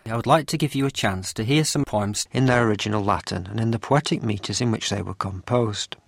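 A man giving scripted educational narration as a course lecturer, with a measured and clear explanatory delivery. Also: lowish voice, no room sound, studio quality.

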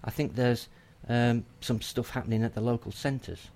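A man's voice: medium pitch, fairly even intonation, normal speed, darkish tone, close to an everyday voice. An actor with a Northern English accent playing a sardonic young student explaining his plans. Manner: dry, sardonic. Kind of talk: scripted educational drama.

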